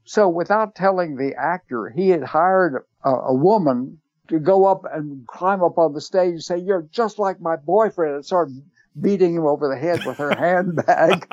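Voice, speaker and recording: An older man tells anecdotes in a relaxed interview, chuckling now and then. His voice sits a little high. The recording is dry and dull, with little room sound. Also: normal speed, no echo. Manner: chatty storyteller, chuckles while telling, acts out quoted voices. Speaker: theater writer guest.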